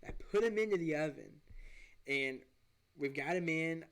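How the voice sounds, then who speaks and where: Male podcast host, somewhat high voice, casual rambling storyteller who restarts often. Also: measured pace, clean tone. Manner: animated, rambling, with frequent restarts.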